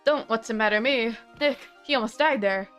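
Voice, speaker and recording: A woman's voice: fairly high pitch, normal speed, fairly bright tone, soft background music, natural voice. A woman voicing a flustered young male defense lawyer with a dry, exasperated manner.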